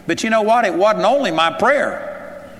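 A man's voice: high-pitched, lively intonation, a little slow, fairly bright tone. A man preaching a sermon in an earnest, conversational way, asking his listeners rhetorical questions. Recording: long hall reverb.

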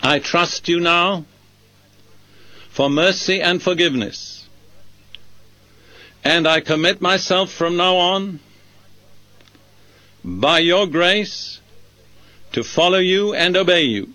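Slow, solemn high-voiced preacher. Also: male voice, pushed and bright, no room sound. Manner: slow, measured, solemn phrasing. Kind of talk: leading a spoken prayer.

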